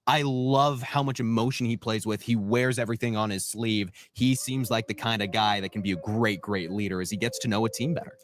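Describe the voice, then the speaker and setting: A man's voice: lowish voice, a little fast, few pauses. A young man co-hosting a college football show, talking with giddy enthusiasm. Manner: enthusiastic, excitable. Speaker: sports show co-host. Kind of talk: sports analysis chat.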